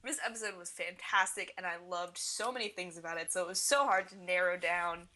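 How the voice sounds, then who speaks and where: A woman's voice: fairly low pitch, a little fast, sharp tone. A young woman co-hosting a casual fan podcast, talking enthusiastically and laughing often as she recaps scenes. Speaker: podcast co-host.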